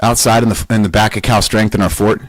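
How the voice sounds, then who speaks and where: A man with a low-pitched voice hosting a weightlifting podcast. He talks in a blunt, emphatic monologue, heavy on rhetorical questions and casual swearing. The recording is dry and close. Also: flat delivery, fast, no echo, low-quality recording.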